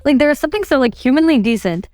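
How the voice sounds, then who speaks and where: A woman's voice: high voice, animated, rapid-fire, a little mellow, no echo, clean studio sound. A woman in her twenties hosting a solo podcast, chatty and casual, saying "like" all the time and acting out little quoted bits of herself. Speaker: podcast host.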